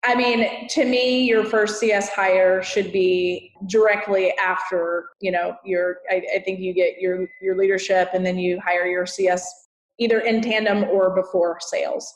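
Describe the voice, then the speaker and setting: A woman with a Texas accent speaks as a podcast guest in an earnest, emphatic way, often laying her points out as lists. Her voice sits at a middle pitch. It is recorded in a roomy space with noticeable echo. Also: fairly even intonation, unhurried. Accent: Texan. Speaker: guest, customer success consultant. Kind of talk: podcast interview.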